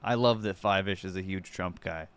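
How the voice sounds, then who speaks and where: A man's voice: sits low, normal speed, smooth, no room sound. A young man streaming and reacting to videos, talking to his chat in a profane, sarcastic way. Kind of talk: casual live-stream commentary.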